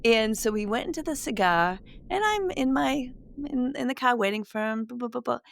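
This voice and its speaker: A middle-aged woman, a spiritual medium, telling a personal story to listeners in a gentle, reflective way with many restarts. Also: fairly high pitch, lively intonation, normal speed, creaky, a little hiss or hum. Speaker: spiritual medium, podcast host.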